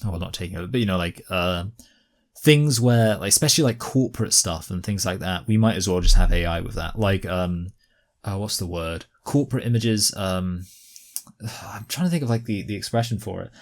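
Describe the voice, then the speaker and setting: Guy reacting to videos, lowish voice, lots of likes and ums, rambly and annoyed. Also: brisk. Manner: rambling, filler-heavy, exasperated. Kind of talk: casual reaction commentary.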